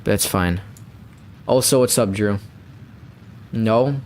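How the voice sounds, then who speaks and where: A young man giving rambling, playful gameplay commentary, with bursts of excitement when things go his way. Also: on the low side, slow pace, slight background noise. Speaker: gamer.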